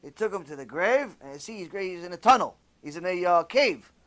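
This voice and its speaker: A man giving an animated, conversational sermon, telling a story and sprinkling in Hebrew terms. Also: high-pitched, a little fast. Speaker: religious teacher.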